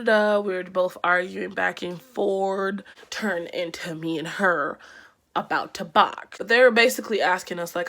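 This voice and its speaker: Young woman telling a wild storytime vlog, slangy and animated, kinda low voice. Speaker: vlogger.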